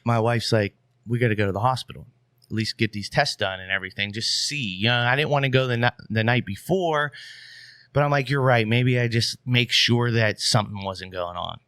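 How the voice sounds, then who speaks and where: A man's voice: medium pitch, a little fast, dry recording, studio quality. A young adult man, a podcast guest, telling a long rambling story in casual talk with plenty of fillers. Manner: rambling, animated, many fillers.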